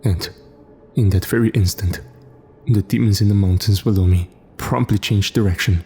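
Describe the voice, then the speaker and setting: A man narrating a first-person horror story in a grave, measured way. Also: lowish voice, steady tone, dark tone, a little hiss or hum. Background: faint music.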